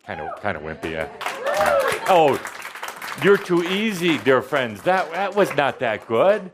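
A man's voice: on the high side, very animated, a little slow, over a noisy crowd, very noisy. Man, playful provocateur, spiritual workshop leader on handheld mic, stammers and restarts. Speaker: spiritual teacher speaking as a channeled figure to a live audience. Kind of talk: interactive workshop coaching. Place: hall with live audience. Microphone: handheld microphone.

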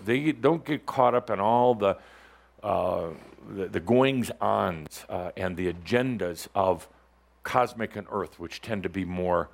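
A man speaking as a spiritual teacher to a live audience, in a playful, teasing way, often laughing. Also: lowish voice.

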